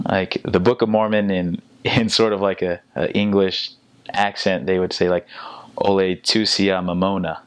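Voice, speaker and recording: A young man with an American accent talks in a low, level voice, recorded close and dry. He tells his story casually and loosely, restarting phrases and leaning on fillers as he goes. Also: clean tone, no room sound. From United States. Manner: relaxed and halting, with many fillers and restarts. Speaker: returned missionary.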